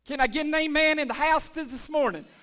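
Pastor guy preaching to his church, real high voice, call and response, gets loud then quiet. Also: quick pace. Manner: call-and-response preaching, swings from shouting to hushed. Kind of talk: energetic church sermon. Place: church sanctuary.

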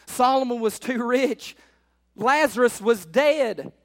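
A man preaching a sermon, repeating phrases and asking the congregation questions, building up to shouted exhortations. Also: extremely high pitch, lively intonation, takes it slowly, long reverb tail. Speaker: pastor.

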